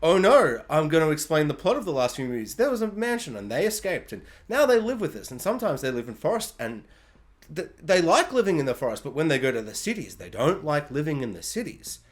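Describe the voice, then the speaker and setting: A lifeless, uncharismatic TV newswoman, as a man mocks her, droning through a recap with no spark at all. She sounds flat and bored, as if she is reading from cue cards. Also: on the high side, a little fast, pitched below the performer's own voice. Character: bored, uncharismatic female TV news reporter.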